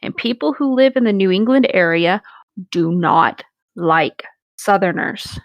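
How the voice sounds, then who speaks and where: A woman's voice: mid-range voice, animated, unhurried, no echo. Blunt, swearing woman on dry mic. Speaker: creepypasta reader and podcast host. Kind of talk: casual chat.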